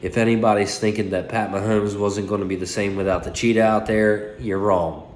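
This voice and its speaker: A man's voice: lowish voice, steady tone, brisk, reverberant, slight background noise. A man in his late twenties giving a casual, profane recap of a fantasy football week, talking into a phone propped up indoors. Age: late 20s. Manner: profane, loose, trash-talking. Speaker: fantasy football league commentator.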